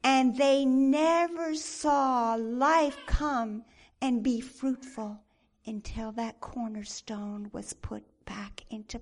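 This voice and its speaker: Woman preacher, high-voiced, dramatic sermon storytelling.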